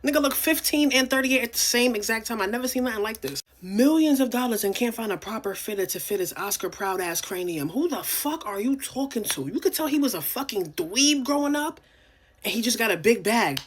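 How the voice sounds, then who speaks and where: A woman's voice: a little high, animated, brisk. A young woman from New York City co-hosting a podcast, ranting bluntly and profanely in casual reality-TV commentary. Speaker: podcast co-host.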